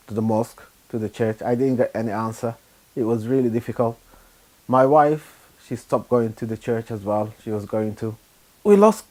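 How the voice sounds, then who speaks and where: A middle-aged man from Sudan, giving a personal testimony in a halting, unhurried way with frequent pauses and fillers. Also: medium pitch, a little mellow. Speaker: churchgoer giving his testimony.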